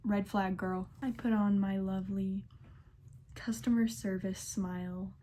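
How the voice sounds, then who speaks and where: Slow, sassy young woman telling stories. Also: medium pitch, fairly even intonation, dark tone, a little hiss or hum. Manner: sassy, exasperated. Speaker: pharmacy technician. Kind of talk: storytime vlog narration.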